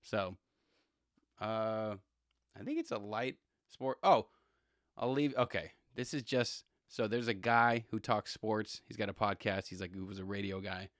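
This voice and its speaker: A man's voice: fairly low pitch, a little slow, a bit bright, dry recording, clean studio sound. A man hosting a podcast and rambling casually about football, chuckling and correcting himself as he goes. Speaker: podcast host. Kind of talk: casual sports chat.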